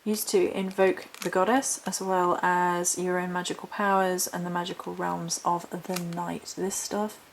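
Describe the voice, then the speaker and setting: A woman's voice: fairly low pitch, level tone, unhurried, vocal fry, few pauses, slight background noise, poor audio. A woman vlogger chatting casually through a haul of witchcraft supplies, rambling, backtracking and reading notes aloud from a book. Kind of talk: casual chat showing a haul.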